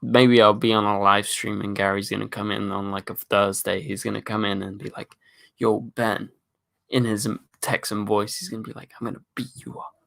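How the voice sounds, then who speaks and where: Young man with a gravelly low voice. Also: level tone, fairly quick, few pauses, fairly bright tone. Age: young adult. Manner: rambling, reads chat questions aloud, many fillers. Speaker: livestream host. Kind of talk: casual livestream chat.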